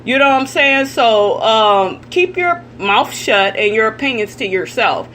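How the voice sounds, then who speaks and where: Woman vlogger, bright edgy voice, blunt cussing rant, faint hum behind. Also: a little high, lively intonation, measured pace. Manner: blunt, profane and indignant, addressing viewers directly. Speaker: celebrity gossip vlogger. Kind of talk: ranting commentary vlog.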